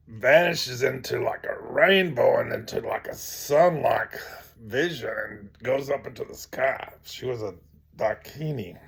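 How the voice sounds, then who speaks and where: A man's voice: mid-range voice, unhurried, gravelly, fairly bright tone, breathy edge. A man teaching by telling a story in a rambling way with many fillers, sometimes dropping to a near-whisper. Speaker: teacher of tantric practice.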